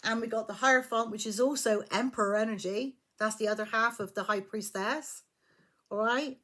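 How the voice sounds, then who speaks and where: A woman's voice: fairly high pitch, fairly even intonation, moderate pace, fairly bright tone. Blunt, emphatic woman reading tarot. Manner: blunt, emphatic, swears freely. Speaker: tarot reader.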